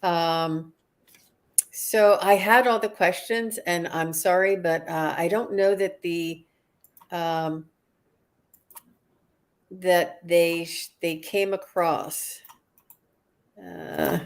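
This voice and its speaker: A woman hosting a live online show, speaking in a halting, hesitant way as she introduces her guest. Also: fairly low pitch, steady tone. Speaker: host of a live psychic show. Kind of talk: live-stream interview.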